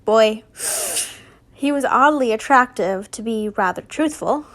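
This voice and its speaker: Giggly young woman reading fanfiction slowly. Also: on the high side, fairly bright tone. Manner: giggly, rambling, stumbles over words. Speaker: fanfiction reader. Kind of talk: casual reading aloud with asides.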